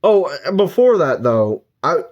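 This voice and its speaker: A man's voice: fairly high pitch, sing-song, a little slow, a little mellow. A man giving a casual, rambling spoken book review, retelling the plot and briefly acting out characters' lines. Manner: rambling plot recap with filler words.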